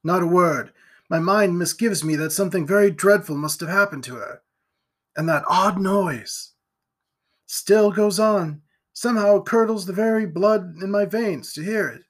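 A man reading aloud and voicing a bold middle-aged man who gives urgent, shouted orders. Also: high-pitched, moderate pace.

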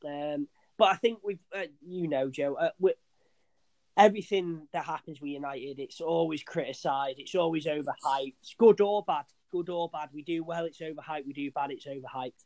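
A man's voice: a little high, steady tone, normal speed, no room sound. A young man in casual football chat, rambling, swearing and restarting his sentences, calling his friend mate. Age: young adult.

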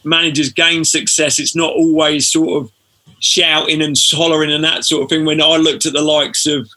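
A man, a former footballer telling stories as a podcast guest in a relaxed way. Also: a little high, moderate pace. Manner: relaxed storytelling, frequent fillers. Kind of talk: casual podcast interview.

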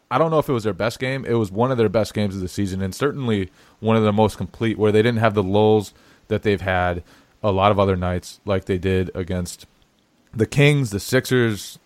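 A man's voice: lowish voice, moderate pace, no echo. A man hosting a casual sports podcast, laughing often and restarting his sentences. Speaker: podcast host.

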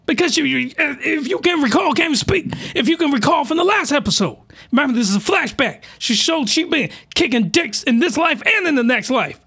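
A man's voice: extremely high pitch, expressive, normal speed, vocal fry, hardly any pauses, sharp tone. A man hosting a crude comedic reaction commentary, talking in rowdy, slangy, exaggerated outbursts. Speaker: commentary host.

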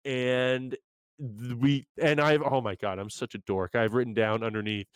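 A man's voice: medium pitch, moderate pace, clean tone, no echo. A young man talks through a TV recap in a loose, self-mocking way. His delivery wanders and restarts with plenty of energy. The sound is close and dry. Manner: animated, rambling, self-mocking. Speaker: podcast co-host. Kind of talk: casual recap chat.

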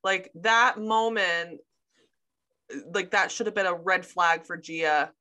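A woman co-hosting a casual podcast chat with her sister, retelling scenes in an animated way and swearing freely. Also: fairly low pitch, takes it slowly. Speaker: podcast co-host; sister of co-host.

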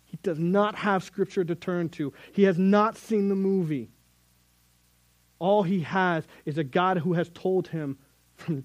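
A man's voice: high-pitched, no echo, rough recording. A middle-aged man preaching a sermon as a youth Bible teacher, earnest and conversational, with sudden emphatic rises.

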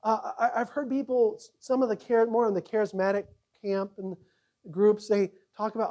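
A male pastor preaching a sermon, acting out quoted voices and swinging between loud emphasis and quiet asides. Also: high voice, little pitch movement, moderate pace.

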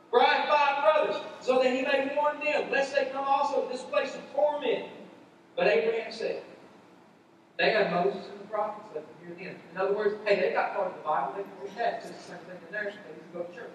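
Man, pastor, sermon, very high voice, repeats points, heavy echo, distant mic, large church auditorium. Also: a little fast, a little hiss or hum. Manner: conversational preaching, repeats points for emphasis. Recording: echoey hall, heard from far off.

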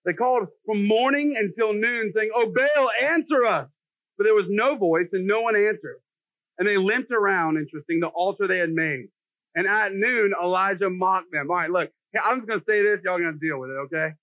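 A man's voice: high voice, a little fast, no room sound. A middle-aged man preaching a sermon in a jokey, self-deprecating, conversational way. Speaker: pastor. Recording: dry, tinny phone-like sound.

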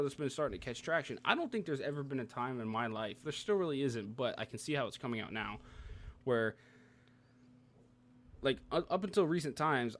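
A young man co-hosting a casual podcast, reading text aloud and arguing back at it with quick laughs. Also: medium pitch. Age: young adult. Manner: animated, reads from a page and argues back. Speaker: podcast co-host.

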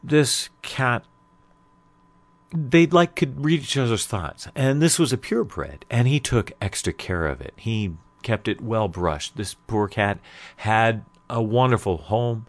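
A man's voice: mid-range voice, lively intonation, takes it slowly, no room sound. A man telling a long joke in a conversational, rambling way, full of fillers. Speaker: storyteller. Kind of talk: casual spoken joke-telling.

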